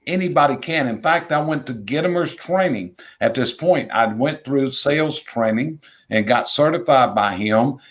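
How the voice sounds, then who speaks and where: In a casual interview, a middle-aged business coach with a Southern US accent drives his points home bluntly, saying them again and again for emphasis. He has a mid-range voice.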